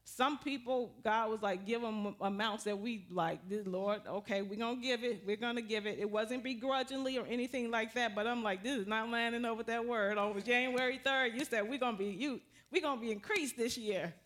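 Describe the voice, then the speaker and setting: Animated woman sharing a church testimony. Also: on the high side, normal speed. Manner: animated storytelling, rising to joyful exclamations. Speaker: testimony speaker.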